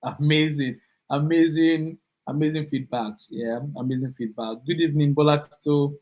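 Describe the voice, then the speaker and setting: A young man with a Nigerian accent runs a live online class, upbeat and chatty. He keeps repeating his words as he greets students one by one. His voice sits a little higher than most men's. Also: steady tone, moderate pace, darkish tone, low-quality recording.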